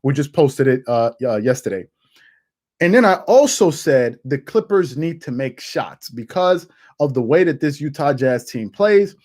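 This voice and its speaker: A man hosting a casual sports commentary show, animated and laughing, with quick restarts. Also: mid-range voice. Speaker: host.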